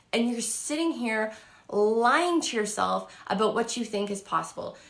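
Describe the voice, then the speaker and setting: A woman's voice: mid-range voice, reverberant. A woman in her thirties telling a story to camera in a casual, chatty way, full of fillers and acted-out quotes. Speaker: vlogger and diet coach.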